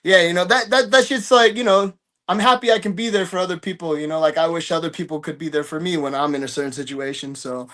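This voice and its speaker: Man, high-ish voice, casual interview guest, rambling, profane, filler-heavy. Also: fast talker, fairly bright tone. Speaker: guest fighter.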